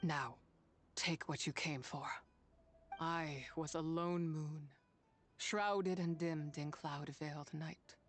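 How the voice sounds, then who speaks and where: A woman voicing a solemn female spirit, the leftover wrath of an immortal, in a grave, measured, poetic manner for a game. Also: low voice, fairly even intonation, faint music behind. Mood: resigned. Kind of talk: game voice acting.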